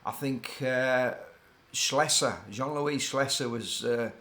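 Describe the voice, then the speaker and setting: A man's voice: medium pitch, takes it slowly, fairly bright tone. An older man, a former racing team mechanic, telling rambling, digressive stories in a casual, hesitant way. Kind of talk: casual anecdotal storytelling.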